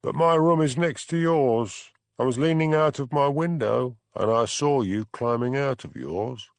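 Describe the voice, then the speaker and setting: A man's voice: mid-range voice, a little slow, no room sound, voice pushed up, close to an everyday voice. A man voicing a spry, cheeky eighty-eight-year-old ex-convict with a faint Cockney accent who slips into a posh drawl. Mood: amiable. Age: 80s. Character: spry elderly male ex-con, cheeky and amiable.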